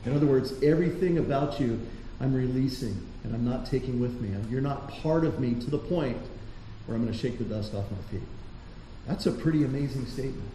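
Male pastor, very dark mellow tone, conversational sermon, echoey church with faint hiss. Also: mid-range voice, a little fast. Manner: conversational preaching with rhetorical questions. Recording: roomy hall echo, faint noise.

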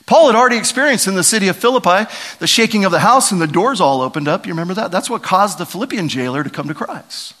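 Pastor type, middle-aged man, slightly high voice, preaches with lively storytelling swings. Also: fast. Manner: animated, storytelling, lively emphasis and dramatic vocal swings. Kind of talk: sermon.

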